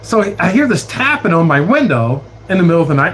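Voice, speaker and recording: A man's voice: high-pitched, big pitch swings, quick pace, a bit bright, slight background noise. A man telling a rambling, profane story on a livestream, laughing often as he goes. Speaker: streamer reading chat stories.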